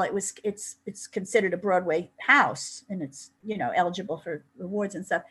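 Husky woman telling theater stories. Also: fairly low pitch. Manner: chatty storytelling, many "you know" asides. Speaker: interview guest. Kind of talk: anecdotal interview.

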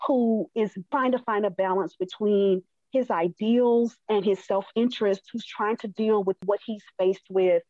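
A woman's voice: medium pitch, darkish tone, dry recording. Reflective woman, dull dry recording. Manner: thoughtful, many fillers and restarts. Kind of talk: conversational history discussion.

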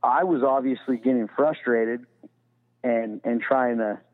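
A man's voice: medium pitch, unhurried. A man telling a story in a casual, profane, rambling way as a podcast guest, full of "you know". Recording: tinny phone-like sound with long reverb.

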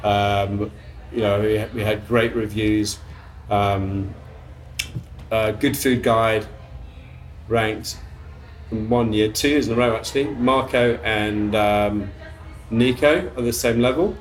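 A middle-aged English man, a chef, telling stories from his career in a casual interview, with restarts, throat clearing and casual swearing. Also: fairly low pitch, fairly even intonation, slow pace, long pauses, slight background noise. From England. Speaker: chef guest.

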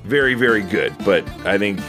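Low-voiced man musing on wrestling. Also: lively intonation, music in the background. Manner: thoughtful, measured, self-deprecating. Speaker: co-host. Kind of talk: casual sports chat.

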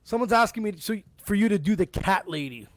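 A man co-hosting a casual chat, relaxed and chiming in with quick reactions. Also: sits high, no room sound. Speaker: co-host.

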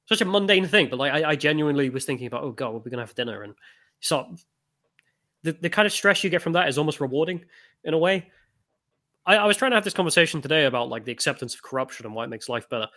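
A young man talks in a lively, swooping way, his voice ringing and bright as he tells blunt, animated stories. He sits slightly high in pitch for a man and swears freely in casual chat. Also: fast. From United Kingdom. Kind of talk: casual conversation.

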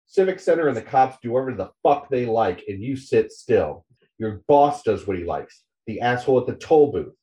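A man's voice: medium pitch, warm tone, far from the mic, muffled recording, natural voice. A man reading the lines of a bitter, foul-mouthed male journalist in a scathing, profane tirade.

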